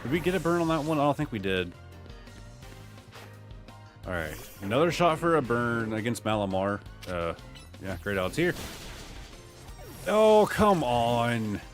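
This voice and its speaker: A man's voice: moderate pace, pauses often, faint music behind. A man from Ohio streaming a game, chatting casually with a voice that jumps up and down and bursts out when things go his way. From Ohio, USA. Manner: lively pitch that jumps up and down, excitable outbursts. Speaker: gaming streamer. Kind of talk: casual gameplay commentary.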